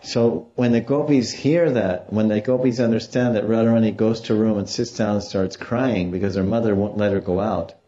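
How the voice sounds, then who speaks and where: Male religious teacher lecturing, low and mellow, on a slightly lo-fi recording. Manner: storytelling, explaining Sanskrit terms, acts out quotes. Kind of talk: devotional scripture lecture.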